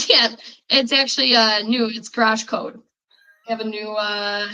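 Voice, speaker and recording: A woman's voice: fairly high pitch, steady tone, a little slow, bright, forceful tone, low-quality recording. A young woman with a Chicago accent hosting a casual podcast quiz, chatty and rambling, with many fillers and restarts. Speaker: podcast host running a quiz. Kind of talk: casual chat.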